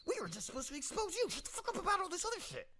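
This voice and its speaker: A man's voice: extremely high pitch, wildly swooping pitch, rapid-fire, heavy background noise, voice pushed up, full character voice. A man voicing a bossy, foul-mouthed superior who scolds and curses. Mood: scolding. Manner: profane, domineering shouting. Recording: loud music behind the voice.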